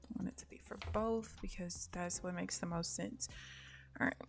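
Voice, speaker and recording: A woman's voice: lowish voice, steady tone, normal speed, creaky, soft background music. Woman muttering live trading commentary. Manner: casual, thinking aloud, often trailing into soft mutters. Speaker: day trader streaming live.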